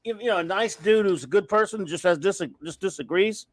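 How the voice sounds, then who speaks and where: Male host, high-pitched, dry close sound, rambling livestream rant with chat shout-outs. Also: a little fast, no echo. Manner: ranting, restarting sentences, reading chat aloud.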